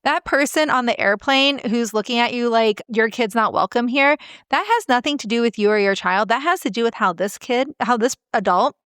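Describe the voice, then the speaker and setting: A woman parenting coach speaks with a smooth, clear voice in a dry, close recording. Her talk is earnest and animated, full of stories and casual filler words. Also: fairly high pitch, moderate pace, no echo. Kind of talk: podcast interview storytelling.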